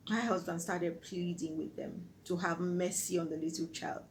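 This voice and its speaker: A woman's voice: on the low side, steady tone, moderate pace, hardly any pauses, a little hiss or hum, rough recording. A Nigerian woman telling a personal story on her vlog in an earnest, vivid way. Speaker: vlogger.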